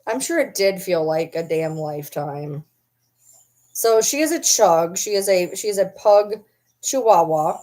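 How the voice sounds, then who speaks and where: A woman's voice: on the low side, expressive, a little slow, a little mellow. A woman in a casual home vlog talks to the camera. She teases her pet dog in a doting, playful voice and switches easily into baby talk. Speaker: vlogger.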